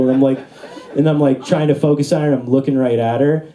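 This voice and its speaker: A young man performing a stand-up comedy set on a club stage. His storytelling is animated, and he jumps into high, squeaky voices for the characters he acts out. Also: fast talker, crowd noise. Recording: live audience laughter throughout.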